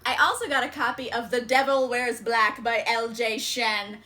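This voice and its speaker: A bubbly woman chats her way through a book haul, giggling often and filling pauses with "like" and "um". Her voice sits high and sounds bright and sharp, and the talk stays casual and upbeat. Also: fairly even intonation. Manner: bubbly, giggly, chatty with many fillers. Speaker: book vlogger.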